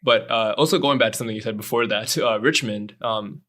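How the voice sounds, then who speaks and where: A young man co-hosting a podcast, teasing the others in quick banter and laughing often. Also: fairly low pitch, sharp tone. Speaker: podcast co-host. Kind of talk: casual chat.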